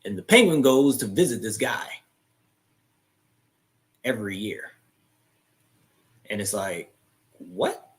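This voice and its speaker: A young adult man hosting a live chat, casually retelling a movie's plot and acting out its lines in quick quoted voices. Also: on the low side, animated.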